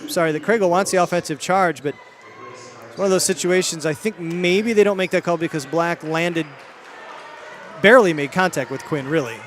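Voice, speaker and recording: A man with a Michigan accent calling a high school basketball game play by play, quick and rising for big plays. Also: fairly bright tone. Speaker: play-by-play announcer. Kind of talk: live basketball commentary. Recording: gym ambience, bouncing ball noise.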